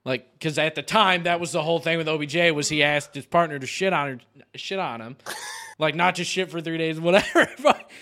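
A young man in casual podcast chat, an animated storyteller who swears often and laughs mid-sentence. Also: on the high side, brisk. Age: young adult. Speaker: podcast host.

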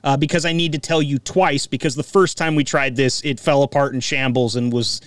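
A man's voice: mid-range voice, fairly even intonation, fairly quick, no echo, recorded from a distance. A man hosting a podcast in casual chat, rambling and poking fun at himself. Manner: rambling, self-deprecating. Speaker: podcast host. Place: Eugene, Oregon.

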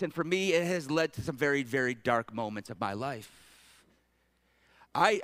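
A male pastor with a fairly high voice delivers a lively sermon, full of stories, jokes and questions to the congregation. The sound is dry and close, with little room echo. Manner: animated, joking asides to the congregation.

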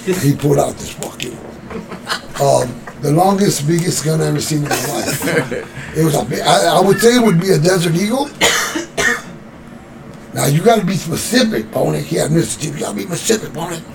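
A man tells a rough story from his past in loose, profane street talk, jumping into the voices of the people in it. His voice sits a bit high and has a gravelly edge. A faint hum of room noise sits behind him. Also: fairly quick. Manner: profane, animated street storyteller acting out quotes. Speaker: guest telling a story. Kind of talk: casual storytelling.

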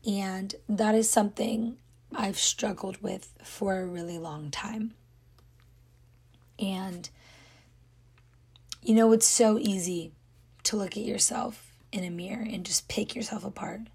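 Hoarse young woman, earnest podcast chatter. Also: medium pitch, steady tone, slow, long pauses, a little mellow. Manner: earnest, rambling, lots of "like". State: hoarse, voice nearly gone. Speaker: podcast host. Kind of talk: casual solo podcast talk.

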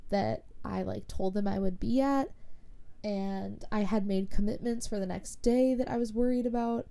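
Young woman with a mellow, gravelly voice. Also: mid-range voice. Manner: rambling, frequent "like" fillers. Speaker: podcast host. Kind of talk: casual personal storytelling.

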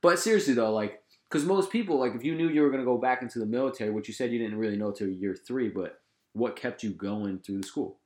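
A man's voice: medium pitch, fast talker, echoey room. A young man hosting a podcast in a casual chat, laid-back and full of fillers and restarts. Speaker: podcast host. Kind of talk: casual conversation.

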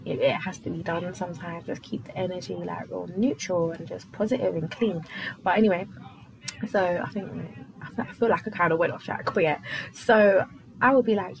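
A woman's voice: medium pitch, slight background noise, low-quality recording. Chatty young woman hosting a podcast. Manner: chatty, rambling, many fillers, quick laughs. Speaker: podcast host. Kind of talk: casual solo chat.

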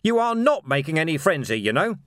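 A man's voice: on the high side, very animated, fairly quick, dry recording, studio quality, pitched above the performer's own voice. A man voicing a bloodied, weary male watch commander who talks bluntly and with exasperation. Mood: exasperated.

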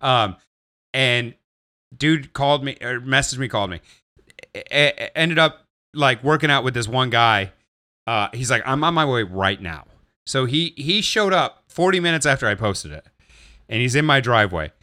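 A man's voice: mid-range voice, moderate pace. A young man on a casual podcast, telling a long rambling, swearing story. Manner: rambling, swearing, animated retelling. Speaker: podcast co-host.

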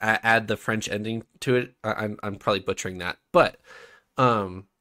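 A man's voice: on the low side, fairly even intonation, moderate pace, pushed and bright. A man co-hosting a podcast, chatty and explanatory, stammering a little as he corrects pronunciations. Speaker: podcast co-host. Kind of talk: casual chat.

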